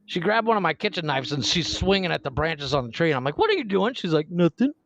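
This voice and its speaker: A man's voice: a little high, fast, a bit bright, slight background noise. A man co-hosting a podcast in casual chat, telling stories animatedly and laughing often on a close mic. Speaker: podcast co-host.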